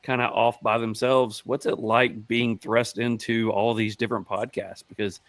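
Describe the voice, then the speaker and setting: A man's voice: medium pitch, little pitch movement, moderate pace, a bit bright, no echo. Man host asking easygoing questions. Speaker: podcast host. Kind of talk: casual interview chat.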